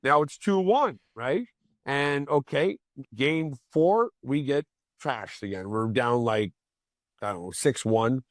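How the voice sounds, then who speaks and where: A man in his forties, a former hockey player guesting on a podcast, telling rowdy stories in a casual, heavily profane way and loudly acting out the lines of other people. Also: medium pitch, takes it slowly, no room sound, studio quality. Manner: profane, animated, acts out quoted lines loudly.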